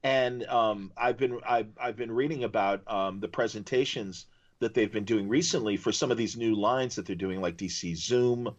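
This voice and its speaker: A man from Chicago hosting a podcast, chatting casually and telling stories with lively slips into impressions. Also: lowish voice, normal speed, highs cut off. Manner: animated storyteller who slips into impressions. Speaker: podcast host. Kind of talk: casual chat.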